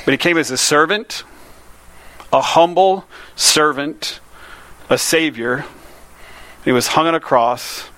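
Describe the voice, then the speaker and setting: A man's voice: mid-range voice, pushed and bright. A man preaching a sermon to a congregation in plain, earnest words, posing direct questions to his listeners. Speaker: pastor. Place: room before a congregation.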